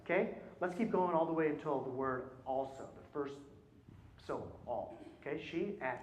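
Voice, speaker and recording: In a concert hall with roomy sound, a man with a slightly high voice and a moderate pace coaches singers as a choir clinician. Throughout the rehearsal he asks questions and often checks in with "right?"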